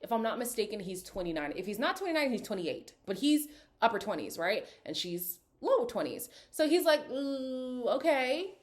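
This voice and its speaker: A woman's voice: medium pitch, very animated, a little fast. A woman giving casual, opinionated commentary as she recaps a reality dating show, talking straight to her viewers. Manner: opinionated, chatty, slips into quoted voices.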